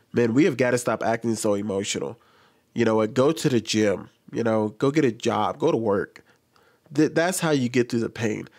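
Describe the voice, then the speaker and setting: A man's voice: medium pitch, a little mellow. A young adult man commenting on a news story in an exasperated, lecturing way, repeating his pleas. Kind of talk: reaction commentary.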